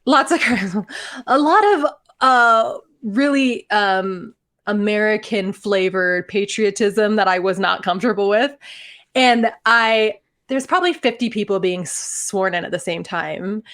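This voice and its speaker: A woman's voice: medium pitch, unhurried. Laughing, chatty woman from Canada. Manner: animated storytelling, laughs often. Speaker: podcast co-host. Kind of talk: casual chat.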